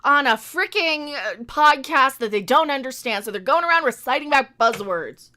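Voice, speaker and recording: A woman's voice: high-pitched, lively intonation, normal speed, pushed and bright. A woman streamer ranting sarcastically through a live reaction stream, talking back at the video and sometimes tripping over her words.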